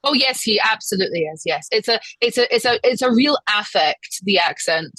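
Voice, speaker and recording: Glaswegian woman co-host, animated casual chat, dry close mic. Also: mid-range voice, brisk, no echo, poor audio. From Scotland.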